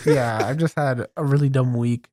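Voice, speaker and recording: A man's voice: mid-range voice, steady tone, moderate pace, darkish tone. Young guy w a stuffy nose, rambly storytelling on a chill podcast, laughs a lot. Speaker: podcast co-host. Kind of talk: casual chat.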